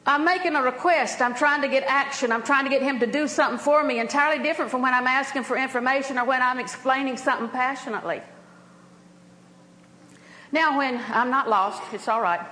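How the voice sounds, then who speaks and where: Lively woman preaching in an echoey hall. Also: high-pitched, fairly quick, slight background noise. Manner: lively, laughing, storytelling preacher. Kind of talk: sermon.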